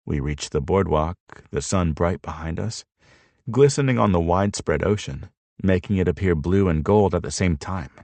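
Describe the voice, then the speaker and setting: A man's voice: sits low, moderate pace, a little mellow, dry recording. A man narrating an audiobook in first person, with a reflective, tender storytelling manner.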